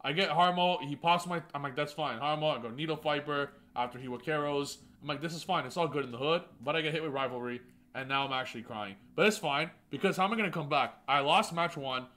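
A man's voice: on the high side, fast, sharp tone. A man hosting a gaming channel, giving hyped, boastful replay commentary of card game matches, full of trash talk and self-mocking jokes.

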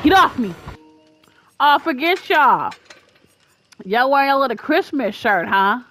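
A loud, excitable woman calls out her gameplay, her high voice swinging wildly up and down as she cheers and yells. Between outbursts she drawls her words out slowly. Loud game music plays under her the whole time. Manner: trash-talks the killer. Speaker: gaming video creator.

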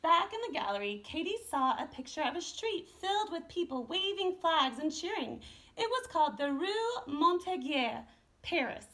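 Animated woman reading a children's story. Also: extremely high pitch, normal speed. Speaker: art teacher. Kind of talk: storybook read-aloud.

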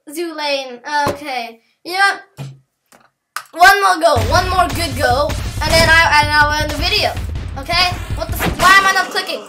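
Super high-pitched girl yelling and rambling through a let's play, loud game music blasting behind. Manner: excitable, yelps and shouts during play; rambling, chatty asides to viewers. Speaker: gaming channel host. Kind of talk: casual let's-play commentary.

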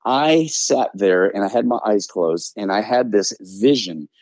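A man's voice: on the low side, a little slow, dry recording. A man, a podcast guest, telling stories in casual conversation and acting out voices as he goes. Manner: animated, acts out voices in anecdotes.

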